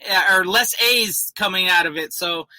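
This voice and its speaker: A man's voice: sits high, normal speed, pushed and bright, no room sound, rough recording. A man chatting casually, rambling and joking as he talks. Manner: rambling, joking, loose storytelling. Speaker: guest. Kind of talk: casual chat.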